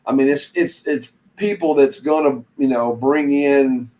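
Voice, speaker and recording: A man's voice: mid-range voice, steady tone, measured pace, warm tone, low-quality recording. A man with an ordinary mid-range voice talks loosely and at length on a casual live stream. He hosts a reselling channel, wanders from story to story and stops to answer viewer comments. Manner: rambling, chatty, reads viewer comments aloud.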